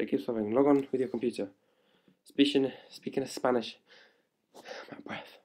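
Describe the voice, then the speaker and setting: A young man chatting live to fans on a webcam at home, hyper and playful and growing louder as he goes. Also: medium pitch, fairly even intonation, moderate pace. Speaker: livestream host answering fan questions. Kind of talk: casual live webcam chat. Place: indoors at home. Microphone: laptop webcam mic.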